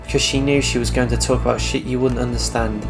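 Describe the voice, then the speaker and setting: A man's voice: mid-range voice, little pitch movement, fast, lightly acted. A man reading the lines of a taunting, mysterious male ghost passenger in a video game, needling and mocking. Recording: game music behind.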